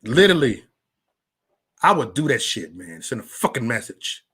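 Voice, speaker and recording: His medium-pitched voice swings widely in pitch, sounding a bit bright and slightly rough at a normal speed. Hosting a livestream, he rants at critics with heated profanity, stammering into restarts, repeating himself, and reading the chat aloud.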